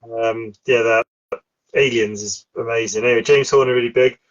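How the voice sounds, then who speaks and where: A man's voice: mid-range voice, steady tone, moderate pace, highs cut off. A middle-aged man, chatting casually about films as a podcast host, with lots of fillers and frequent laughs. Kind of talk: casual film chat.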